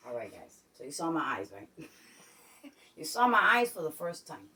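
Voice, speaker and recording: A woman's voice: sits low, sing-song, moderate pace, background noise. A woman from Puerto Rico giving casual advice on her vlog at home. She repeats herself and keeps checking in with "okay?". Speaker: vlogger. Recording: voice a bit distant from the mic.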